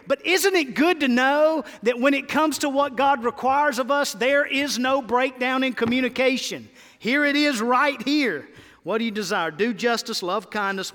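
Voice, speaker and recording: A man's voice: very high voice, a bit bright, big-room sound. A man preaching a sermon as pastor, impassioned and pleading, with sudden rises in his voice.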